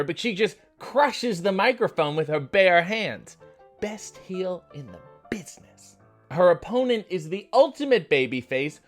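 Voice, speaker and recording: A man hosting a comedic recap, talking in a deadpan, profane, jokey way. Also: high voice. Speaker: comedy wrestling recap host.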